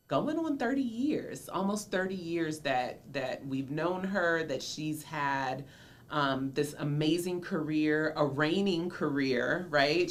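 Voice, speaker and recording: Low-voiced woman in her forties hosting a podcast, chatty and laughing often. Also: a bit bright. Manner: chatty and nostalgic, laughs often, says "y'all". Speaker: podcast host and mother. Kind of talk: casual solo podcast chat.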